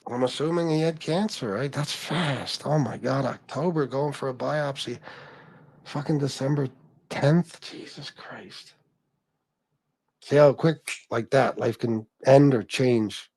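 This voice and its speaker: A man's voice: medium pitch, measured pace, darkish tone, breathy edge, no room sound. A man hosting a casual livestream, reading chat comments aloud, blunt and profane, calling viewers bro. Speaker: livestream host.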